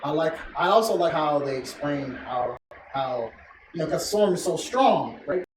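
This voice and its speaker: Male podcast host, casual and profane, a bit higher voice, distant from the mic in an echoey, noisy room. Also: moderate pace. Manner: profane, excitable, quotes people in voices. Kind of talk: casual chat.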